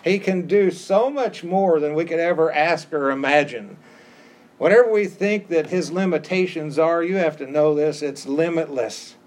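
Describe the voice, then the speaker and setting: A man's voice: fairly high pitch, normal speed, a little mellow. A male pastor preaching a sermon, emphatic and given to repeating key phrases, with casual asides to the congregation. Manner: conversational asides.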